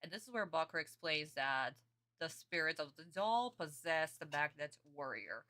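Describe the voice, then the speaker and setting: At normal speed, a young adult woman streamer speaks in a low-sitting, animated voice with a sharp tone. She reacts to a cartoon episode in casual chat, calls viewers honey and sweeties, and talks back to their comments.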